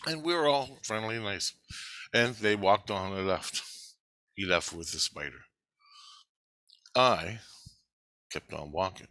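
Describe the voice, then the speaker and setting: A man's voice: fairly low pitch, a little slow, pauses often, bright, forceful tone, no room sound. A man telling a dream in a casual, rambling way, swearing often and acting out the dialogue. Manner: profane, rambling, acts out quoted dialogue. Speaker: video creator recounting a dream. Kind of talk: casual storytelling monologue.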